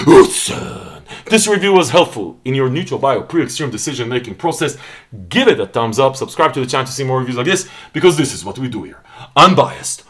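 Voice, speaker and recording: A man's voice: mid-range voice, fairly bright tone. A man doing a blunt supplement review, emphatic and swearing freely.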